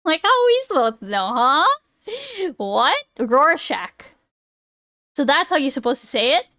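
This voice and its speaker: A woman's voice: high voice, very animated, moderate pace, bright, forceful tone, dry recording, clean studio sound. A woman streamer chatting casually, swearing and laughing as she fumbles over a word. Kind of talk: casual live-stream chat.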